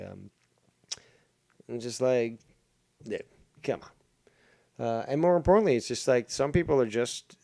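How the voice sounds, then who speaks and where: Gravelly dude ranting on his stream, swears a lot, mocks people, dry close mic. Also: lowish voice, dark tone, dry recording. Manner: rambling, profane and mocking, with many fillers. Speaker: livestream host. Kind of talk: casual live-stream rant.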